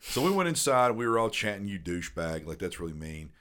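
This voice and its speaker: Man, thirties, low-pitched, casual storytelling, rambling, swears a lot. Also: big pitch swings, fast, fairly bright tone, smooth. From Tennessee. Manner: rambling, profane, laughing storyteller. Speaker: podcast host.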